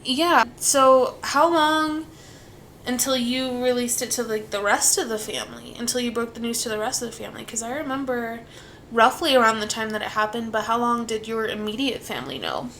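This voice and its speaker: Female podcast host, somewhat high voice, sympathetic, chatty, light background noise. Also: fairly quick, a bit bright. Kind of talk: casual interview chat.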